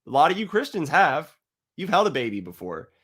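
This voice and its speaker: A man giving a heated, profane monologue to his viewers, blunt and argumentative, sometimes reading a passage aloud slowly. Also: a little high, big pitch swings, a bit bright, breathy edge. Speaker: atheist video host. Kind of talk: ranting monologue to camera.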